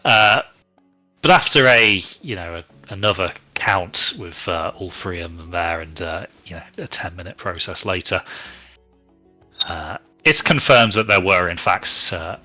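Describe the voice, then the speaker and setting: Low, bright-voiced game master. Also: male voice, measured pace, soft background music. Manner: relaxed, rambling, many fillers. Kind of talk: narrating a tabletop game.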